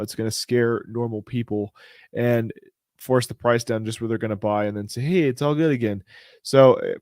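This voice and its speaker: A man's voice: medium pitch, a little mellow, no room sound, studio quality. A man hosting a casual crypto show, talking through price charts in a rambling, chatty way with lots of fillers and restarts. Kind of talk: casual live chart commentary.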